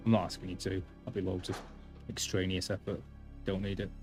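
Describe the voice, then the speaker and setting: Low-voiced streamer chatting. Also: male voice, completely flat delivery, a little fast, over music. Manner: chatty, self-deprecating, talks to chat while playing. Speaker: gaming streamer. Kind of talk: casual live-stream commentary.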